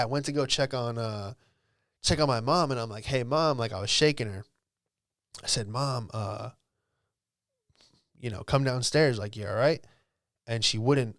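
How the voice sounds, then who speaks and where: A podcast host from Virginia in his late twenties rambles through a story in a laid-back way, swearing casually and sprinkling in "dude" and "like" throughout. His man's voice is smooth, clear, and of ordinary pitch, recorded close and dry with no room sound.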